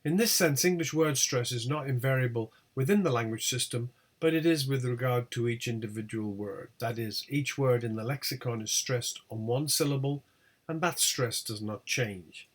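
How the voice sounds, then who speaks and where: A man teaching a recorded pronunciation lesson, reading out example words one by one with clear, deliberate delivery. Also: medium pitch. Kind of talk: recorded lecture over slides.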